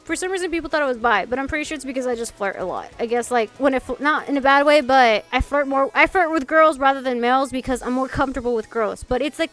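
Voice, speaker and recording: A young woman vlogger telling a personal story in casual chat, animated and full of "like"s and restarts. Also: sits high, fast talker, few pauses, faint music behind. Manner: animated, acts out quotes, many "like"s and restarts.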